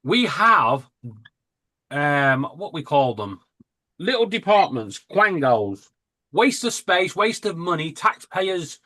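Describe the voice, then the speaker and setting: A man's voice: a little high, sing-song, takes it slowly, bright, forceful tone. A man in casual live banter, talking with strong opinions and checking in with "right?". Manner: opinionated, ranting, adds "right?".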